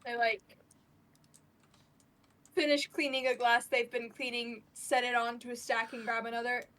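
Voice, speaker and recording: Woman game master, high voice, casual profane narration on a headset. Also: little pitch movement, normal speed, a bit bright. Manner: casual and profane, laughing often.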